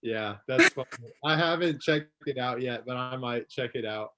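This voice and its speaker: Easygoing young man, mid-pitched chat. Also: normal speed, heavy background noise. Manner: relaxed, filler-heavy talk with easy laughs. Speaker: guest. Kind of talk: casual chat on a livestream.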